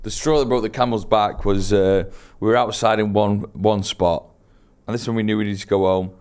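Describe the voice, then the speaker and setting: A British man co-hosting a comedy podcast, telling a chaotic holiday story in a casual, animated way and laughing as he goes. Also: fairly low pitch, brisk, clean tone. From Britain. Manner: animated, laughs through his stories. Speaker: podcast co-host.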